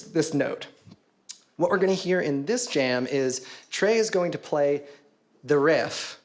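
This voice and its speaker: A young adult man giving a guided listening lecture on a band's jams, counting beats and singing rhythms aloud at an arts venue. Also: medium pitch. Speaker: musicologist lecturer. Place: arts venue event space. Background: music playback.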